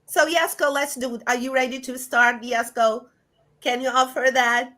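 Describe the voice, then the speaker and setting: A woman giving a lively spiritual talk over a video call, animated and often laughing, with big jumps in pitch. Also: normal speed. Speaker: guest speaker.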